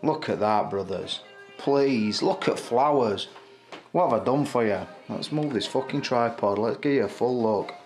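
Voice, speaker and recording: A man, loudly and boastfully swearing his way through a hobby vlog about posing action figures. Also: lowish voice, moderate pace, hardly any pauses, faint music behind. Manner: loud, swaggering, heavy swearing. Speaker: action figure collector vlogger.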